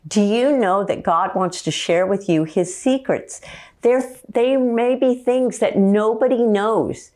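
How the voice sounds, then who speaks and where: A woman preaching a slow, earnest teaching sermon and quoting scripture. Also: on the low side, darkish tone.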